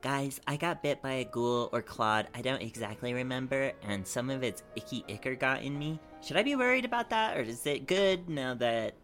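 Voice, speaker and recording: A man voicing a nervous adventurer who frets anxiously over a bite and asks rushed questions in a raised voice. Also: mid-range voice, animated, a bit bright, soft background music, voice pushed up, lightly acted. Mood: worried.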